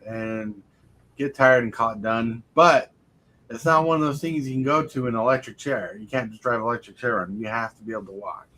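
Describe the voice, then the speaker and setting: A man's voice: medium pitch, brisk, fairly bright tone, slight background noise. A man hosting a casual live stream, chatting in a rambling way with lots of restarts. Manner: rambling, restarts a lot, laughs at own jokes. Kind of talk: casual chat. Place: home streaming setup.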